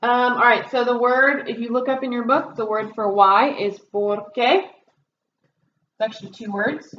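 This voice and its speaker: Woman teacher, slightly high voice, slow and patient, dull lo-fi recording in a roomy classroom. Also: fairly even intonation, a bit bright, a little hiss or hum. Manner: explaining step by step, many ums. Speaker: Spanish teacher. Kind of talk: classroom review lesson.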